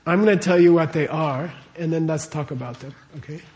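His pitch is fairly high, his tone darkish, and his pace brisk. In a warm room before a live audience, he gives a casual Buddhist teaching in a conversational way, regularly posing questions and checking in with "okay?" and "right?"

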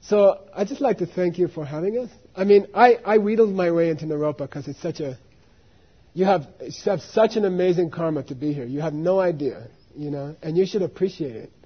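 A man's voice: on the high side, fairly quick, husky, dull audio. A man teaching students, telling a long story in a rambling way and asking "you see what I mean" again and again. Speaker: dharma teacher.

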